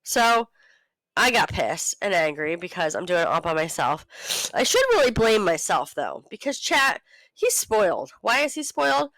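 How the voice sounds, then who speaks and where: A woman's voice: on the low side, normal speed, dry recording, low-quality recording. Profane ranting woman podcast co-host. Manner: profane, ranting, animated storytelling. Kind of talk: casual chat.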